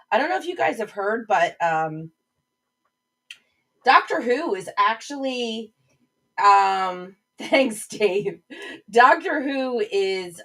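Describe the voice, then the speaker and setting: A woman's voice: a little high, sharp tone, rough recording. A woman hosting a casual livestream, chatting and rambling between topics and greeting viewers by name. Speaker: livestream host.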